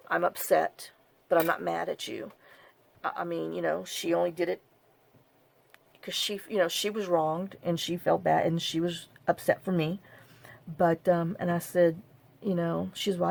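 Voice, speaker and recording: Low gravelly woman. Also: darkish tone. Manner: halting, many fillers and repeated "I said". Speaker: craft vlogger. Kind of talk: personal storytelling to camera.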